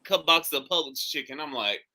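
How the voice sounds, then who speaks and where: A podcast host in a recording studio, his voice on the high side and brisk. He tells jokey stories in loose, casual chat, animated and swearing freely.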